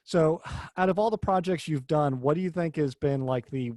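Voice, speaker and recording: A man's voice: a little high, moderate pace, mellow, no echo. A man hosting a podcast, talking cars in a rambling, jokey way and swearing casually. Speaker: podcast host. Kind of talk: casual car chat.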